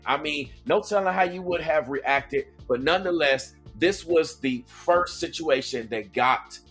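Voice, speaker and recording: Southern man from Atlanta, reaction host, talks casually and keeps checking in with the listener over soft background music. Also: medium pitch. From Atlanta, Georgia. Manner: conversational, checks in with "okay?" and "right?". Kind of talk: casual commentary.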